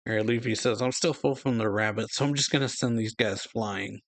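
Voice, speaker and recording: A man's voice: fairly low pitch, normal speed, no room sound. A man reading comic dialogue aloud in a casual, plain way, chuckling often between lines. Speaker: reaction channel host.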